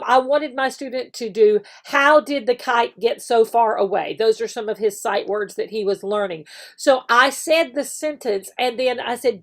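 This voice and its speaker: A woman teacher casually explaining how an online classroom works, with frequent fillers and restarts. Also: on the high side. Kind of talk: screen-share tutorial walkthrough.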